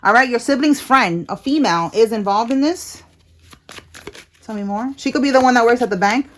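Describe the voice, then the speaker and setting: A woman's voice: fairly high pitch, brisk. A woman giving a casual tarot reading, talking bluntly with slang, swearing and frequent check-ins. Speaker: tarot reader.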